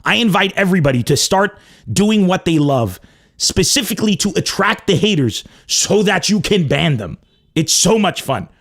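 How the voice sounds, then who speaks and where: A man hosting a comedy podcast, riffing in an emphatic, profane monologue that swings between loud bursts and low asides. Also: sing-song, normal speed, gravelly.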